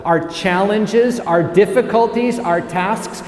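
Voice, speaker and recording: A man's voice: high-pitched, lively intonation, measured pace, darkish tone. A man preaching a sermon as a priest, emphatic and fond of stacking words into repeated series. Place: cathedral. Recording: echoey cathedral with long reverb.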